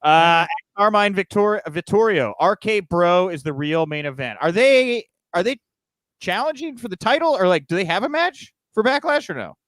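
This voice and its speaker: Male podcast host, relaxed joking delivery, higher-pitched, dry close mic. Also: moderate pace, no room sound. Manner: loose and joking, with frequent fillers. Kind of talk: casual live news chat, reading viewer comments.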